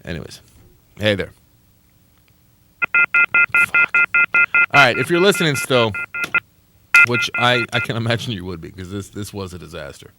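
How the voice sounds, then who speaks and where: A man hosting a late-night radio aftershow from a studio, animated and sarcastic, cursing freely and teasing callers. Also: lowish voice, moderate pace, long pauses, heavy background noise. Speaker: radio show host.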